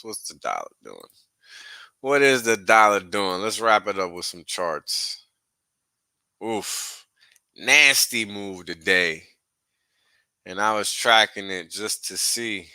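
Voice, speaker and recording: A man's voice: deep voice, pushed and bright, smooth, no echo. A man hosting a market commentary show, talking casually through charts in a laid-back, muttering way.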